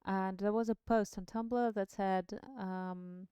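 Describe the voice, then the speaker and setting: Sex: woman. Native: not English. Role: streamer reading a book aloud and chatting. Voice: mellow, smooth, dry. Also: mid-range voice, fairly even intonation, slow, dry recording, highs cut off. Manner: chatty, laughing, self-deprecating. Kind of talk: book reading and casual chat on a live stream.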